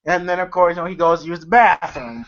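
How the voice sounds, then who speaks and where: A woman's voice: on the low side, quick pace, dull audio. A woman reviewing a movie in a rambling, profane way, retelling scenes with lots of fillers. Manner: rambling, profane, laughs often, many fillers. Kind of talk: casual retelling of film scenes.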